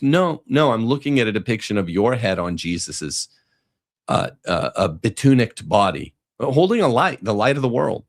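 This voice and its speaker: A man's voice: medium pitch, very animated, measured pace. A middle-aged man hosting a talk show, giving sardonic, rambling commentary with frequent restarts. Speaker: podcast host. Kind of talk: casual commentary.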